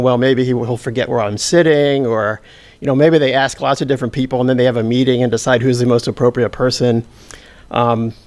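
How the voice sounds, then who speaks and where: A man telling a humorous personal story on stage to a live audience, with a self-deprecating, animated delivery. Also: mid-range voice.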